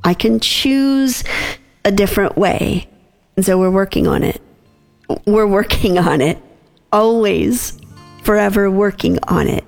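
Woman, thirties, devotional host; unhurried, soft, mid-pitched. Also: creaky, soft background music. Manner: unhurried, soft, with pauses and small laughs. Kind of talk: gentle devotional reflection.

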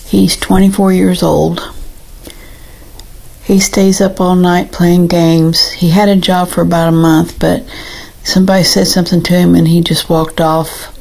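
Older woman caller, gravelly and husky, earnest plea, fairly flat delivery. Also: lowish voice, measured pace, poor audio. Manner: earnest, pleading. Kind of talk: call-in prayer request.

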